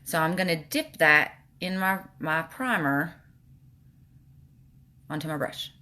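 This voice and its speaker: A woman's voice: deep voice, expressive, slow pace, pushed and bright. A woman with a slight lisp, chatting casually while showing makeup on a livestream. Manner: chatty, reads viewer comments aloud.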